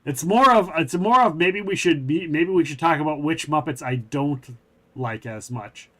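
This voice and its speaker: A man's voice: fairly high pitch, moderate pace, fairly bright tone. A middle-aged man hosting a gaming stream, chatting casually in a rambling, hesitant way with many fillers. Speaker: streamer host.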